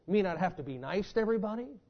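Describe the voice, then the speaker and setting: A man preaching a sermon in a church, with fervent emphasis that swings between loud declarations and low, intense passages. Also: expressive, racing. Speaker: pastor. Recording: dull lo-fi sermon recording.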